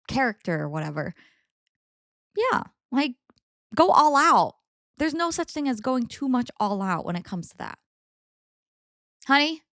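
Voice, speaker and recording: A woman co-hosting a casual story-discussion podcast with her partner, chatty and animated, laughing often. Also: on the high side, no room sound, studio quality. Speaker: co-host reading Reddit stories.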